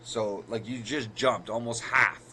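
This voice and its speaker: With slight background noise behind him, a man co-hosts a card game podcast, casually working through card-play math step by step and fixing his own mistakes as he goes. His mid-range voice is a little slow, bright, and forceful.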